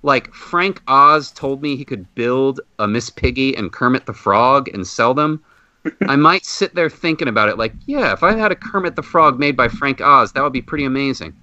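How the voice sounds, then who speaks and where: A man on a podcast tells a rambling anecdote, bursting into loud acted-out shouts now and then. His voice is bright and tense. The recording is dry and close, with a slightly dull, muffled tone. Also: medium pitch, animated, moderate pace, dry recording. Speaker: podcast host. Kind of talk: casual storytelling.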